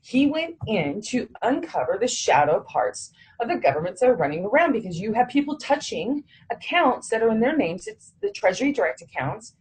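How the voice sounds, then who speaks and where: A woman's voice: a little high, sing-song, brisk, hardly any pauses, slightly rough, low-quality recording. A woman recounting a personal story, acting out the dialogue of others and cursing when heated.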